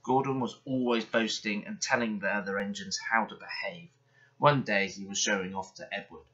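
A man reading a children's bedtime story aloud in a gentle, expressive way. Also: lowish voice, normal speed. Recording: dull lo-fi sound.

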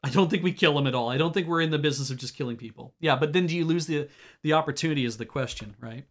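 Man streamer, slightly high voice, thinks aloud with hesitations. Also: rapid-fire, a bit bright. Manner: musing, hesitant. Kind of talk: casual game stream commentary.

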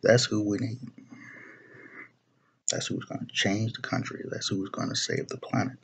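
A man's voice: on the low side, wildly swooping pitch, normal speed, gravelly, breathy edge. A young man ranting to camera, blunt and profane, often circling back and restarting his phrases. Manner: repeats himself, restarts phrases. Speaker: video blogger. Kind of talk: political rant to camera.

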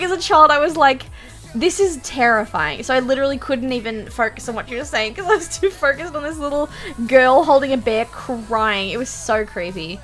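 A young woman, telling stories and reacting on a stream in a giggly, animated way, swearing casually. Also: high voice.

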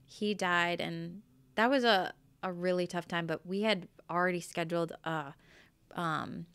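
A woman with a Boston accent talks as a guest in a relaxed interview about her work teaching breathwork. Her voice sits a little low but sounds bright and crisp. The recording is dry and close. She talks candidly, drifts between thoughts and swears without a second thought. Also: unhurried, no echo. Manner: candid, swears freely, loose and rambling. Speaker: guest, yoga and breathwork facilitator. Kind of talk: casual interview chat.

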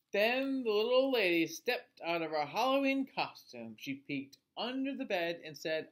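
A male teacher reading a picture book aloud to children in an expressive voice, asking them questions along the way. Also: high voice, a little slow, hardly any pauses. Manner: expressive, asks listeners questions.

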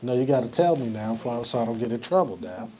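A man's voice: mid-range voice, lively intonation, brisk, warm tone, slightly rough. A man pastor preaching a conversational sermon in a church, often asking the congregation questions. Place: church sanctuary.

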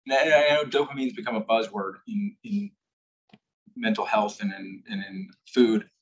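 Man, husky voice, candid storyteller, invited speaker, live audience talk. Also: mid-range voice, animated, moderate pace, low-quality recording. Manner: candid storytelling, acting out shouted quotes. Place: corporate headquarters presentation room.

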